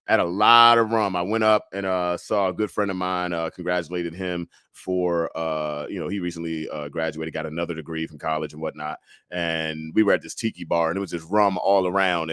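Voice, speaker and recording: A man's voice: fairly low pitch, no echo, clean studio sound. Laid-back man hosting a live chat show. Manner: laid-back, laughing, swearing, loud bursts of excitement. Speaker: livestream talk show host. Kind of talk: casual chat with a live audience.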